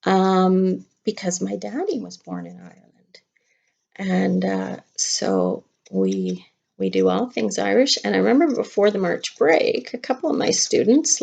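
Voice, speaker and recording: Gravelly voiced teacher lady chatting to kids, lo-fi home video sound. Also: mid-range voice, darkish tone. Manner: chatty and playful, talking to young children. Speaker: kindergarten teacher. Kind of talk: casual craft lesson to camera.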